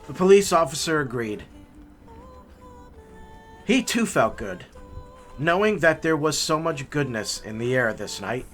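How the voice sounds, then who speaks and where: A man's voice: a little high, a little slow, long pauses, soft background music. A man telling a heartwarming story in a casual, folksy way as the host of a hiking video. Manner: folksy, repeats words, animated telling.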